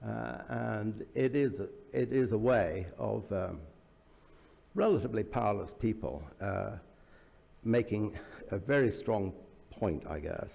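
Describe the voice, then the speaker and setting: An author at a book launch gives a loose public talk full of anecdotes, with many fillers and restarts. His voice is on the low side, unhurried and warm with vocal fry; the recording cuts off the highs and echoes in a reverberant hall.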